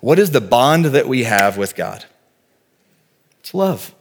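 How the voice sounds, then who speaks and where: A man in his forties preaches a sermon with a voice of ordinary, middle pitch. He talks to the congregation in a relaxed, earnest way. He moves easily between teaching and vivid personal storytelling. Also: takes it slowly, a little hiss or hum. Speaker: pastor.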